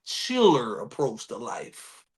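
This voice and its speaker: A man's voice: mid-range voice, wildly swooping pitch, takes it slowly, slightly rough. A man with a DC-area accent, co-hosting a podcast in casual, profane chat and acting out other people's voices. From Washington DC area. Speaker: podcast co-host.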